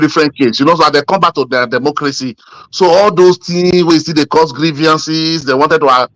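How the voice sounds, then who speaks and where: A man with a Nigerian accent, co-hosting a casual political chat and telling stories in a rambling, animated way full of fillers. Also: fairly high pitch, dry recording. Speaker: podcast co-host.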